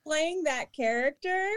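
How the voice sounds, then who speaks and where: Woman, fairly high pitch, slow easygoing pace, casual chat, laughs a lot, enthusiastic asides. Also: expressive, a bit bright.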